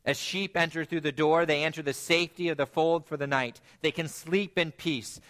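A man preaching a sermon, earnest, climbing to emphatic peaks and then dropping low and quiet. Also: fairly even intonation, moderate pace.

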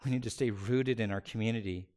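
Male pastor preaching with dramatic swings. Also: fairly even intonation. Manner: dramatic swings from loud and high to hushed, near-whispered phrases; slows down on key words for emphasis. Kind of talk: sermon.

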